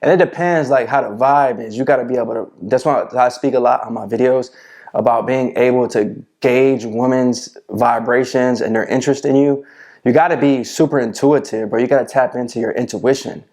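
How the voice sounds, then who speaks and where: A man's voice: medium pitch, brisk, a little mellow. A man giving casual dating advice to camera, swaggering and full of slang, often asking "you know what I'm saying".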